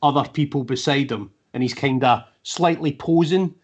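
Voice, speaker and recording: A man's voice: mid-range voice, moderate pace, breathy edge, muffled recording. Dry, hesitant man. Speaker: podcast co-host. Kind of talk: casual chat.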